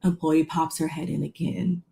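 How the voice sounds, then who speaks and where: Chatty woman, mellow low voice. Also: normal speed, vocal fry, slight background noise. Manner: chatty, animated retelling with quoted voices and "y'all". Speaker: podcast co-host recapping a reality show. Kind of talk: casual chat.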